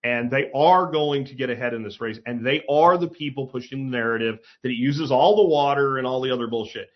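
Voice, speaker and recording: A man's voice: mid-range voice, a little fast, muffled recording. A man hosting a casual opinion monologue, talking bluntly and sarcastically, with frequent swearing and emphatic asides. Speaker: commentary host.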